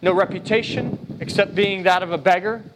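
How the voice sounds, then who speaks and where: A man's voice: moderate pace, background noise. A man preaching a sermon in a casual, conversational way, reading scripture aloud and acting out the quoted lines. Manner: conversational, animated, voices quotes in a higher pitch.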